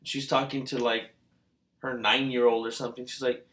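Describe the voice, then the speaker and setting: A man talks off the cuff to the camera in a loose vlog ramble. He hesitates, restarts sentences and leans on fillers while he thinks aloud and puzzles over questions. His voice sits in a middle pitch for a man. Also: little pitch movement, normal speed, a bit bright. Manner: musing, questioning. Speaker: reaction video host. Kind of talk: casual rambling commentary.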